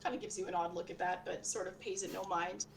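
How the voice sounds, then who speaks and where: A woman acting as game master, narrating a tabletop game in a casual, relaxed way full of fillers. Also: fairly low pitch, fast talker, vocal fry, a little hiss or hum.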